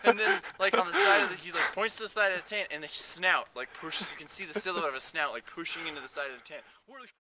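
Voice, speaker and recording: A young man at a campsite chatting excitedly and fast with a friend on an old camcorder. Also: on the high side, a loud crowd. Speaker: camper. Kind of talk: casual chat on camera. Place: outdoors at a campsite.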